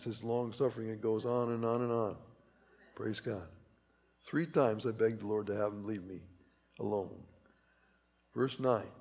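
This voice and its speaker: Gravelly-voiced man preaching in a hall. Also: medium pitch, a little mellow. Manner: rambling, repeats himself, rising emphasis on key phrases. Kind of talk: conversational sermon. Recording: reverberant hall.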